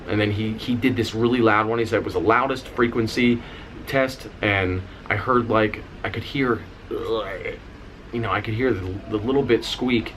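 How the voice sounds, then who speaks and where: Male vlogger, lowish voice, animated candid storyteller, casual swearing, faint hum. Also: moderate pace. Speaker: vlogger, singer and dancer.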